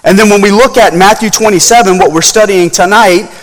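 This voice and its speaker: A pastor preaching a sermon at a church service, swinging between loud emphatic climbs and soft low passages. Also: male voice, a little fast, long reverb tail, a little hiss or hum, rough recording.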